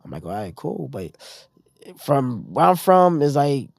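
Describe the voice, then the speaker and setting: A man tells his story in a relaxed interview and acts out the voices of the people around him. The sound is close and dry. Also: mid-range voice, a little slow, vocal fry, no room sound. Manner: animated retelling, acting out others' lines. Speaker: podcast guest. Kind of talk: casual storytelling.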